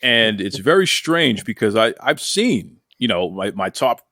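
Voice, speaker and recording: A man's voice: fairly low pitch, sing-song, measured pace, bright, forceful tone, no echo, clean studio sound. A man hosting an interview show, asking questions in an upbeat, playful way. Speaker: podcast host.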